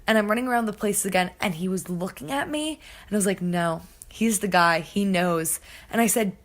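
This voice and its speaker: A woman's voice: medium pitch, a little fast. A young woman telling a long story in a casual, chatty way, filling it with "like" and acting out the people she quotes. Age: young adult. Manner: chatty, heavy on filler "like", acts out quoted voices. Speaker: podcast host.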